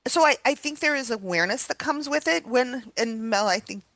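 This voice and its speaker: A woman's voice: a little high, expressive, brisk, a bit bright. A woman hosting a podcast, talking in an earnest, reflective way, with frequent restarts and repeated words. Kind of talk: casual reflective chat.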